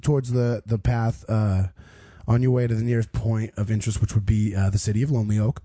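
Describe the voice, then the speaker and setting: A man's voice: lowish voice, level tone, a little fast, mellow. A young man narrating as game master in a tabletop game, rambling and loose with many fillers.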